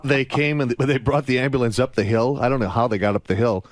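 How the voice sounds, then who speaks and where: A man's voice: medium pitch, steady tone, fast talker, no echo. A man in his fifties on a radio talk show, defending himself stubbornly and laughing it off. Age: 50s. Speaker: show staffer, guest. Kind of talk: casual chat.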